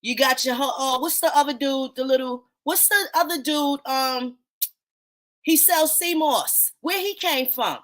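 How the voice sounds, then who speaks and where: A woman's voice: high-pitched, unhurried. Blunt, foul-mouthed woman ranting casually. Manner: blunt, animated, swears often, talks to listeners as y'all. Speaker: host of a live audio talk room. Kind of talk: casual profane commentary.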